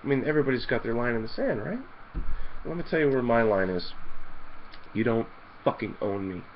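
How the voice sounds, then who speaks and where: A man's voice: mid-range voice, lively intonation, a little fast, highs cut off, slight background noise. A man ranting defiantly in a vlog, swearing freely and hammering his points with emphasis. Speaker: video blogger. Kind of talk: daily rant vlog.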